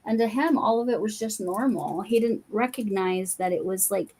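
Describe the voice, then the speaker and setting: A woman from Colorado chats casually while she crafts on a livestream. Her mid-pitched voice sounds friendly and curious as she wonders aloud about words and places. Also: moderate pace, a little mellow, a little hiss or hum. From Colorado, USA. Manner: chatty and curious, musing aloud. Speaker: host.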